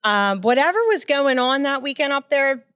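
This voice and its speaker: A woman's voice: high-pitched, normal speed, a bit bright, dry recording, studio quality. A woman, a comedian guest telling stories in casual podcast chat. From Philadelphia. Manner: chatty storyteller.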